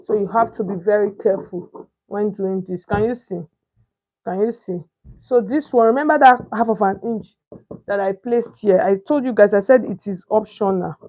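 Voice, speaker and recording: A woman's voice: medium pitch, moderate pace, mellow. Young nigerian woman showing how to cut fabric, keeps asking can you see, chatty. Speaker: sewing instructor. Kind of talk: step-by-step tutorial.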